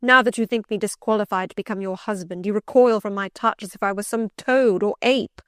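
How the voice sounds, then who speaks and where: A woman reading an audiobook, voicing a passionate, brooding middle-aged gentleman who pleads and commands urgently. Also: medium pitch, steady tone, brisk, no room sound, studio quality, natural voice. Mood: bitter pleading.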